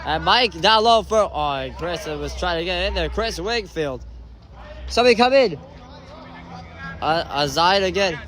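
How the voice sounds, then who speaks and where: A man giving live play-by-play commentary at an amateur indoor soccer match, excitable, with frequent shouted calls and exclamations. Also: high voice, measured pace, long pauses.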